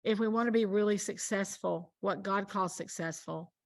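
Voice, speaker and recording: A woman's voice: mid-range voice, normal speed, no room sound. A woman speaking as a guest minister in a casual faith conversation, telling a story earnestly and with emphasis.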